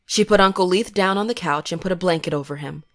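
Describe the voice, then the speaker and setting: Low-voiced woman narrating a horror story. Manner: measured, grim first-person storytelling.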